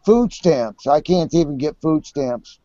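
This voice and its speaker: A bitter, profane man in his fifties with a mellow, dark voice, pitched a little high for a man. He stammers and repeats himself as he talks. The recording is dry and dull, like a lo-fi capture. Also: lively intonation, unhurried, no echo. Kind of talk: casual chat.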